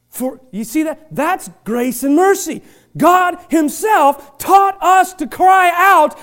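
High-voiced pastor preaching a fiery sermon. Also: male voice, big pitch swings, measured pace. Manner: impassioned, repeatedly shouting; stammering restarts, self-deprecating humor. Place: church, before a congregation.

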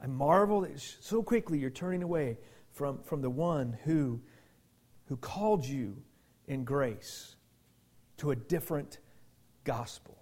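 A man preaching a sermon as pastor, emphatic, often restarting and repeating words, swinging from loud bursts to near-whispers. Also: a little high, unhurried, long pauses.

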